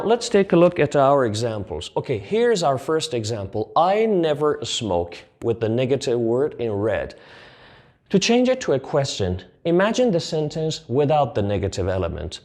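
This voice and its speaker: Man teaching a grammar lesson, slow and deliberate. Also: medium pitch, very animated, darkish tone. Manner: slow, deliberate explanations with spoken example sentences. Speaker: English teacher.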